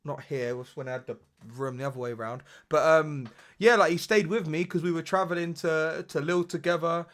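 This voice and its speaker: Rambling young British man, slightly high voice. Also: fairly even intonation, a little fast, hardly any pauses, a bit bright. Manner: rambling, laughing, heavy slang and swearing. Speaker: podcast co-host. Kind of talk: casual chat.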